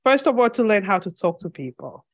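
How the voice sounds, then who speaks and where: A woman's voice: medium pitch, very animated, brisk, no room sound. Earnest Zambian woman with a lisp. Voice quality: slight lisp. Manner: earnest, reflective storytelling. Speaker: podcast guest. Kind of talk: casual conversational interview.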